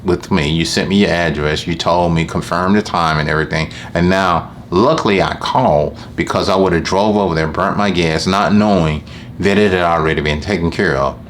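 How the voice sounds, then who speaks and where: Man, low voice, casual animated rant, faint background noise. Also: fairly quick. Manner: animated, complaining, acts out customers in high voices. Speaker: lawn care business owner.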